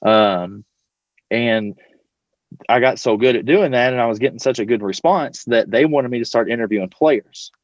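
A man's voice: medium pitch, normal speed, no echo. Casting a Louisville man as a podcast guest, a teacher-coach spinning a loose, rambling anecdote full of fillers. Muffled, dry recording. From Louisville, Kentucky. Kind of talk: casual storytelling.

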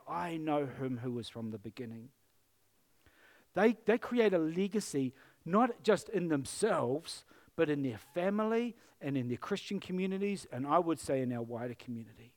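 Male pastor, middle-aged, church sermon, emotional, earnest, somewhat high voice. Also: a little mellow. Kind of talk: sermon and closing prayer.

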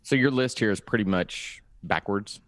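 A man co-hosting a podcast in casual chat, giving quick, opinionated verdicts. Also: fairly low pitch, dry recording, clean studio sound. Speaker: podcast co-host.

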